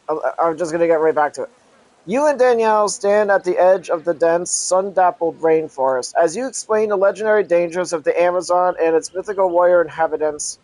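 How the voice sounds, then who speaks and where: A man reading an adventure story aloud as a channel host, halting, correcting himself and breaking off for casual asides. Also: high voice, darkish tone, dry recording, poor audio. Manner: halting reading with frequent self-corrections and restarts.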